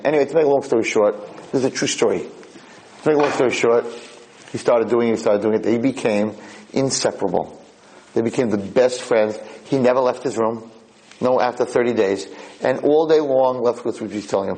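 A man lecturing, telling a sermon story in an animated way, with many restarts and repeated words, swinging between loud and soft. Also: medium pitch, low-quality recording. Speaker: Jewish lecturer.

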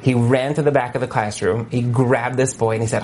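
A man giving a teaching talk over a video-call mic, his voice sitting in an ordinary middle pitch. He tells stories with animated energy, full of fillers, asides and quick restarts, in the manner of a coach guiding his listeners. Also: slight background noise. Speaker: marriage coach and Torah teacher.

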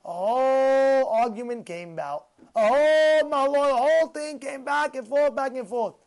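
Animated high-voiced man telling a sermon story. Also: normal speed. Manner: animated, repeats phrases for emphasis. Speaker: Torah teacher.

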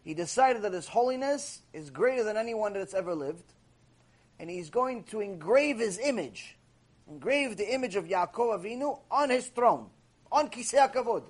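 A man teaching a Torah lecture in an animated, repetitive way, acting out voices as he speaks. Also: high voice, moderate pace, husky. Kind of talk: recorded mussar lecture.

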